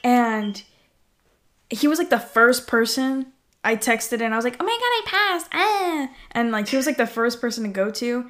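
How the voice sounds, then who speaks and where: A young woman chats casually with a friend, giggling and padding her stories with fillers. Her voice sits a bit high. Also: fairly even intonation, normal speed. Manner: chatty, giggly, lots of "like". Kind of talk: casual chat.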